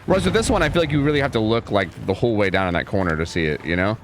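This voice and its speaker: A man's voice: on the low side, lively intonation, rapid-fire. A young man streaming a game, chatting casually, rambling with lots of filler words and swearing when frustrated. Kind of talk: casual live gameplay commentary. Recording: clear background noise under the voice.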